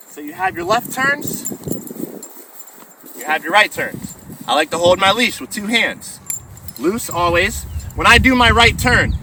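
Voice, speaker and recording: A man with a high-pitched voice explains dog training step by step, relaxed, as he walks a dog outdoors. He is picked up from some distance, with clear outdoor noise of traffic and animals behind him. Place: outdoors while walking a dog.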